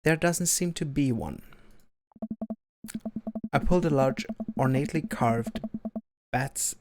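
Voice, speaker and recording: A man reads a story game aloud on his stream, slowly, with a mid-range voice. He stumbles over words and corrects himself with amusement. Soft music runs quietly underneath. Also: mid-range voice. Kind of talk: reading a visual novel aloud on stream.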